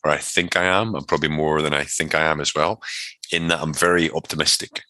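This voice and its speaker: A man's voice: very deep voice, fairly even intonation, brisk, sharp tone, no room sound. A man, a personal trainer, telling his story as an interview guest in a rambling way, full of fillers and restarts.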